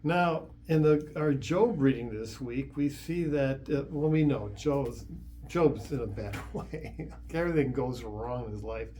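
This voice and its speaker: A man's voice: mid-range voice, unhurried, warm tone, a little hiss or hum. A man, a Catholic priest, giving an informal homily in a conversational way, repeating words and chuckling as he goes.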